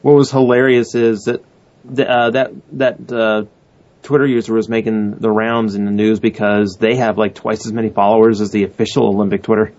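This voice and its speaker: A man's voice: on the low side, little pitch movement, brisk, darkish tone. A man co-hosting a talk radio show, chatting casually and often restarting his sentences. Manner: rambling, self-correcting. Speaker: radio co-host. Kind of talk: casual banter. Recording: dull lo-fi audio.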